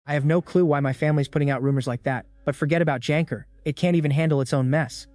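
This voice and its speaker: A cold, scornful elder brother, as a man reading a story puts him on. The voice sits fairly high. The recording is dry. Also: steady tone, fast, darkish tone, dry recording, lightly acted.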